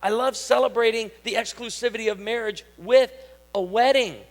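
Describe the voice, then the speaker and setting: Pastor guy in his 30s, highish voice, animated storyteller, big churchy echo. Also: moderate pace. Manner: storytelling, acts out family dialogue with animated swings. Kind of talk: sermon. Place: church sanctuary. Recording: long reverb of a church hall.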